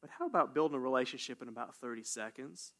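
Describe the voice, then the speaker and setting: A man preaching a sermon as pastor, animated and conversational, often asking "right?". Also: medium pitch, fast. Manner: animated, call-and-response, says "right?" often.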